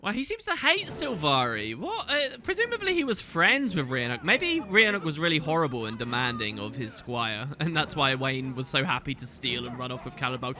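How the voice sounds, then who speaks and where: A man commentating a let's play, chatty and relaxed, sometimes reading game lines in voices. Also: fairly high pitch, moderate pace, few pauses. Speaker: gaming YouTuber.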